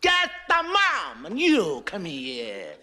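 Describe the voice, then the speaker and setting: A man's voice: high voice, huge pitch swings, slow, sharp tone, pitched above the performer's own voice, exaggerated voice. Irish man doing a pompous ranting Pope. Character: exasperated old Pope, blustering.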